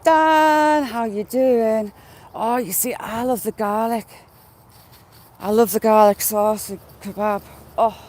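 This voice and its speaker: A woman's voice: medium pitch, level tone, measured pace, long pauses, warm tone. A woman live-streaming outdoors on a phone, chatting casually with viewers by name and cooing at animals as she walks. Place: outdoors in fields and hedgerows. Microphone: phone on a gimbal with headphone wire.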